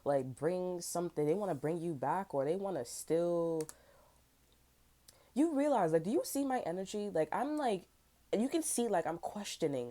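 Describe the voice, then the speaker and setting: Woman, tarot reader, low voice, mellow tone, rambling casual talk, young adult. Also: animated, moderate pace. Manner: rambling, filler-heavy, frank and profane. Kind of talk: casual tarot reading to camera.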